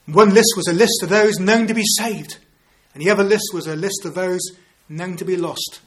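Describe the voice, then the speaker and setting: Guy in his 50s preaching, earnest, keeps asking don't we, voice a bit on the high side. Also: normal speed, a bit bright, slight background noise. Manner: earnest, leans on rhetorical tag questions. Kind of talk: evangelistic sermon.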